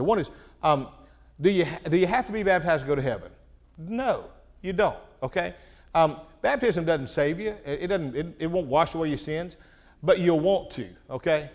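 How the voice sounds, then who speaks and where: A man's voice: on the high side, highs cut off. A middle-aged man preaching a sermon in an earnest, conversational way, often checking in with the listeners. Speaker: pastor.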